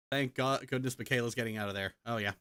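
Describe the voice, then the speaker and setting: A woman's voice: a bass voice, fairly bright tone, smooth, no echo. A woman streamer in casual chat, ranting heatedly and swearing a lot.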